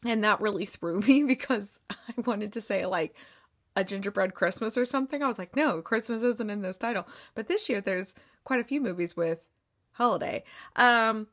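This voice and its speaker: A woman's voice: medium pitch, moderate pace, a bit bright. Chatty rambling woman reviewing movies. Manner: chatty, rambling, sarcastic, many fillers. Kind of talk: casual chat.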